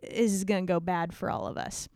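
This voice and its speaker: A woman's voice: fairly low pitch, fairly even intonation, fairly quick, darkish tone, no room sound, studio quality, natural voice. A woman voicing the blunt, worried wife of a royal official, using modern slang.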